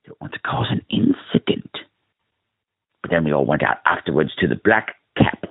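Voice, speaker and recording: An American man telling a story in a voicemail to himself. He is campy and theatrical and swears a lot, and his voice swoops up and down a lot in pitch. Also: animated, moderate pace, gravelly, dry recording. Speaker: podcast host. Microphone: phone. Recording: tinny phone-line voicemail.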